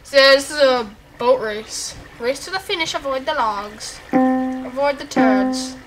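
A young woman casually commenting on her gameplay, excitable and prone to bursts of squealing shouts. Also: high-pitched, unhurried, music in the background, poor audio. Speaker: gaming channel host.

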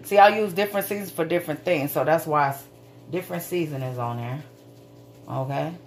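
A woman's voice: sits low, a little fast, slight background noise. A woman giving a casual cooking demonstration in her home kitchen, chatting folksily with her viewers and swearing now and then.

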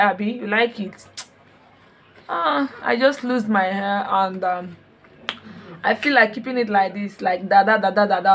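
A woman telling a story in a casual vlog, animated and full of exclamations, repeating her words. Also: medium pitch, a little hiss or hum. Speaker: vlogger. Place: home in Europe.

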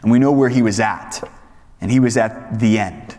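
A man's voice: on the low side, normal speed, long reverb tail. A man in his thirties preaching a casual sermon to young adults, talking conversationally and telling stories with lots of fillers and restarts. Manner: conversational, animated storytelling with many fillers and restarts. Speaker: pastor leading a young adults Bible study.

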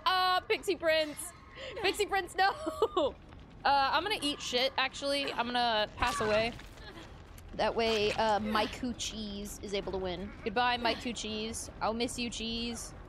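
A woman's voice: fairly high pitch, steady tone, a little slow, background noise. A woman streaming a game live, talking dramatically, swearing freely and joking in playful self-pity. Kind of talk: live gaming stream commentary.

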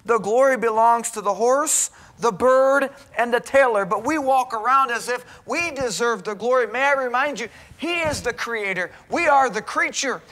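A man with a very high, bright voice delivers a chapel sermon. He speaks earnestly and exhorts his listeners. He drives his points home with rhetorical questions. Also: moderate pace, hardly any pauses. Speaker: preacher. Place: college chapel.

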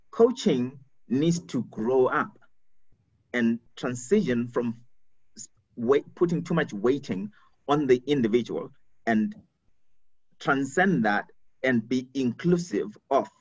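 A man's voice: mid-range voice, animated, slow, pauses often, a little mellow, husky, no room sound. A man from Africa, an executive coach speaking earnestly on a webinar panel, repeating words as he builds his points. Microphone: video call. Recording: dull video call audio.

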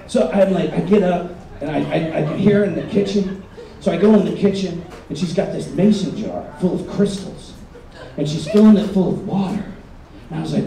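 A man's voice: high voice, fairly quick. A man from Michigan performing a stand-up comedy set, telling stories and acting out the people in them. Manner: animated storytelling, acts out voices. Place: resort comedy stage. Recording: roomy live stage audio, heard from a distance. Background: audience laughter.

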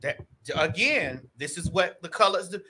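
Woman host, bright and forceful, repeats lines for punch. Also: fairly low pitch, expressive, normal speed, husky. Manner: loud, emphatic, repeats phrases for effect. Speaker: podcast host. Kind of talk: casual chat.

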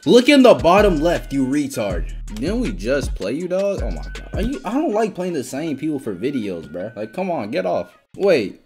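Excitable young man trash-talking over gameplay. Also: on the high side, moderate pace, hardly any pauses. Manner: excitable, swears a lot, trash-talks teammates and opponents. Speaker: gaming YouTuber. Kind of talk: casual gameplay commentary. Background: background music.

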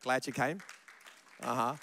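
A man's voice: medium pitch, unhurried, pushed and bright, a faint crowd. A man preaching a sermon in church, chatty and joking, often repeating his words. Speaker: pastor.

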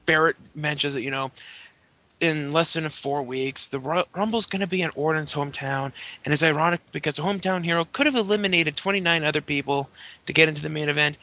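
A man's voice: a little high, creaky, bright, forceful tone, dry recording. A man co-hosting a podcast, recapping in a rambling, joking way. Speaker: podcast co-host. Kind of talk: casual recap chat.

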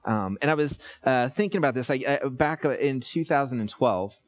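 Pastor, male, 30s, relaxed storytelling sermon, mid pitch, lots of "uh"s. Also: normal speed. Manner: conversational, storytelling with many fillers.

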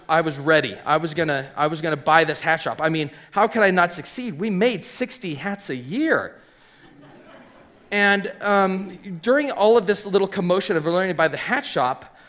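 A middle-aged man with a slightly high voice tells his life story as a shop owner. He talks with energy and puts on little voices for the people in his anecdotes. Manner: animated storyteller acting out quoted people. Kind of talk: storytelling talk.

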